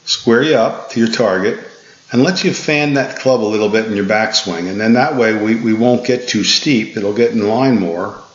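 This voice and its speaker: A man's voice: fairly low pitch, moderate pace. A man working as a golf instructor, patiently talking a student through a swing analysis in a tired, easygoing way with frequent restarts. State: tired, yawning. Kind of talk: swing analysis voice-over lesson. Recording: echoey, dull lo-fi sound.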